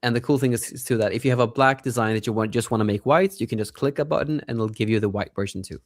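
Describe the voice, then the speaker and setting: A young man chatting on a podcast who rambles excitedly, laughs often and keeps losing track of names. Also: mid-range voice, quick pace, dry recording. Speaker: podcast co-host, app developer. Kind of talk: casual podcast chat.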